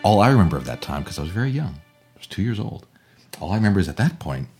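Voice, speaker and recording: An older man from Germany, a storyteller guest telling a childhood tale theatrically, acting out voices and swinging from hushed to loud. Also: low-pitched, very animated, racing, gravelly, music in the background. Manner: theatrical, acts out voices, swings from whispers to shouts. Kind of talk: animated oral storytelling.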